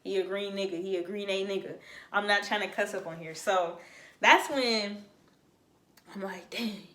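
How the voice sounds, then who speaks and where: Animated young woman telling a story, slangy. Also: medium pitch, moderate pace. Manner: animated, slangy, acts out other people's lines. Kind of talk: casual storytime. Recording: echoey room.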